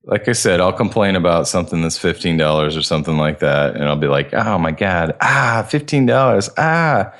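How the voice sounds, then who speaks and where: A man co-hosting a podcast in casual chat, relaxed and agreeable, laughing along with his partner. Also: extremely low pitch, fairly quick, few pauses. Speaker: podcast co-host.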